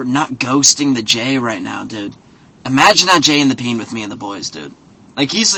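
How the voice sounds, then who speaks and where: Bright-voiced man rambling casually. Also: mid-range voice. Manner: rambling, swears casually, lots of "like" and "you know". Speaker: host. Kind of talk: casual commentary.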